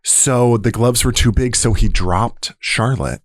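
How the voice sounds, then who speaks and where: A man's voice: medium pitch, measured pace, slight background noise. A man co-hosting a podcast, telling a joking story in casual chat. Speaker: podcast co-host.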